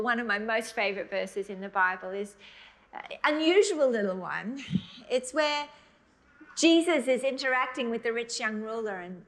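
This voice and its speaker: A middle-aged woman preaching a sermon, earnest and emotional, rushing ahead in bursts, then slowing to soft, drawn-out emphasis. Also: fairly high pitch.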